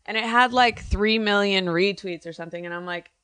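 A woman's voice: medium pitch, fairly quick, a bit bright, clean tone, dry recording. A woman co-hosting a comedy podcast, chatting playfully and laughing often. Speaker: podcast co-host. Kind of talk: casual comedic chat.

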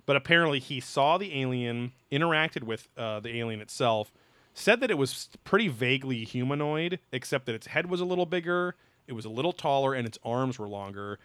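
A man in casual podcast chat, profane and animated, mocking what he talks about. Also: medium pitch, a little fast, smooth, no echo. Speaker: podcast co-host.

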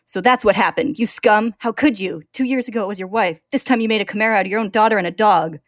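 A woman voicing a hot-tempered teenage boy alchemist with loud, forceful outbursts. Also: medium pitch, fast talker, dry recording, voice pushed up, close to an everyday voice. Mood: furious.

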